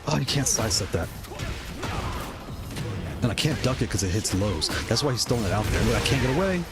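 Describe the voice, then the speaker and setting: A man talks through his own fighting game matches as they happen, nervous and excitable, and he repeats himself. His pitch swings widely from low mutters to sudden high yelps. Loud music plays under his voice. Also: brisk. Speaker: streamer playing a fighting game tournament. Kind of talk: live gameplay commentary.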